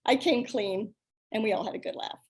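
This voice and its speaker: An older woman reading her own personal story aloud over a video call, in a lively, self-mocking storytelling manner. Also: on the high side, fairly quick.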